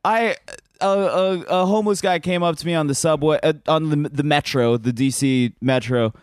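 A man who is a comedian, telling a story in a halting, self-deprecating way with many restarts. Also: fairly high pitch, clear, resonant tone, no echo, clean studio sound. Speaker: comedian guest. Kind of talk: casual storytelling.

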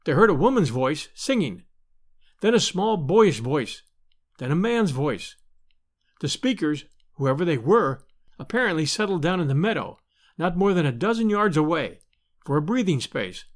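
A man's voice: on the high side, very animated, moderate pace. A man narrating a classic story aloud, reading expressively and lightly voicing the characters. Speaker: narrator and podcast host.

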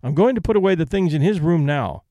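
A plain middle-aged companion woman who speaks flatly and dutifully and holds her feelings in, as read by a male storyteller. The tone is a little high and the sound is close and dry. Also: quick pace, no echo, lightly acted. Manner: restrained, flat, dutiful.

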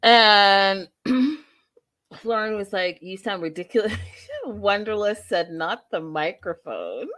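Woman host for a casual recap show: animated and chatty, acts out quotes. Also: medium pitch, takes it slowly. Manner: animated, acts out the cast's lines, laughs often.

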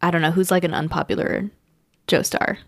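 A woman's voice: fairly low pitch, fairly even intonation, a little fast, creaky. A woman co-hosting a podcast, chatting casually and playfully with frequent laughs. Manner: giggly, playful. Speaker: podcast co-host. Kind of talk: casual chat.

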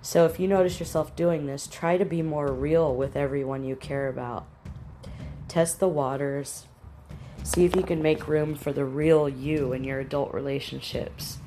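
A woman with a low, mellow voice teaches about relationship habits. She speaks plainly and directly, giving firm, practical steps. There is a faint hum of room ambience behind her. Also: fairly even intonation, normal speed. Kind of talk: instructional talk to camera.

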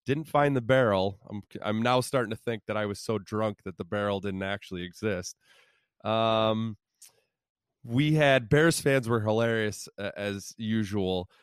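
A man's voice: on the low side, smooth, no echo, studio quality. A man co-hosting a podcast, telling rambling, profane stories in casual sports chat. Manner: rambling, profane, self-interrupting. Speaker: podcast co-host.

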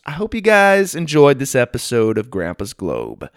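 A man reads a children's storybook aloud as host, upbeat and friendly, with a voice that rises and falls in animated swings. The sound is close and dry, with no room echo. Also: medium pitch, normal speed, hardly any pauses. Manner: upbeat and friendly, shouting out listeners. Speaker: podcast host and narrator. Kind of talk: storybook narration for kids.

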